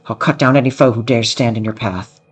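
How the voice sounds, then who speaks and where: A man's voice: mid-range voice, fairly even intonation, a little fast, husky, lightly acted. A man voicing an earnest young female noble swordswoman of the plains, reading game dialogue aloud in a heartfelt, eager manner.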